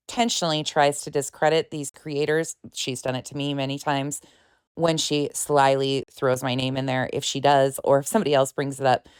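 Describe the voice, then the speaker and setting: A woman's voice: low voice, clean tone. A woman hosting a reaction commentary, exasperated and sarcastic as she picks apart claims. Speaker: commentary channel host.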